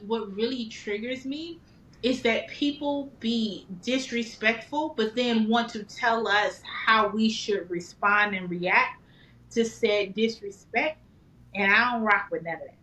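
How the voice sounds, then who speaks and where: A woman co-hosting a podcast, chatting casually with a very bright, slightly high voice. She talks bluntly and profanely, jumping up in pitch when she gets animated. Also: slow, poor audio. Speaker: podcast co-host. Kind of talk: casual chat.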